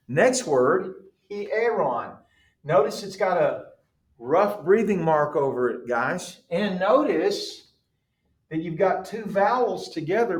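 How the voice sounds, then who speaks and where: A man's voice: a little high, roomy sound. A man teaching a class, explaining patiently and checking in with the students. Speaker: Greek teacher. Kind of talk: classroom lecture.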